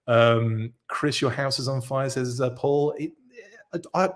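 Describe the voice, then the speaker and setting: With soft music in the background, a medium-pitched man speaks in an unhurried way. He's hosting a live podcast stream, reacting as he goes, chatting casually and reading out viewer comments. His talk rambles and he keeps interrupting himself.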